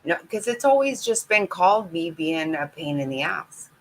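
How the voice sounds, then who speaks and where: A woman's voice: fairly low pitch, very animated, normal speed, poor audio. A middle-aged woman talking bluntly and candidly with her viewers in a casual live-stream chat. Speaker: vlogger chatting with viewers.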